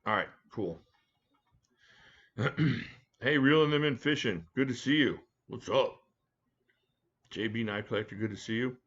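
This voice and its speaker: A man's voice: medium pitch, unhurried, long pauses, a bit bright, dull audio. A man hosting a casual live stream from home, chatting and joking with viewers by name. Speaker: live stream host reviewing knives. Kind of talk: casual live chat reading viewer comments. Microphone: desk mic at a home setup.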